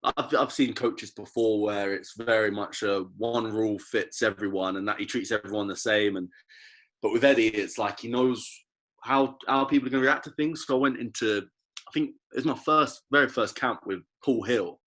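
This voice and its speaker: A man in his twenties, a professional athlete, speaking as a guest in a casual podcast interview, reflective and animated when he tells stories. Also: lowish voice, normal speed. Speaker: guest, professional rugby player.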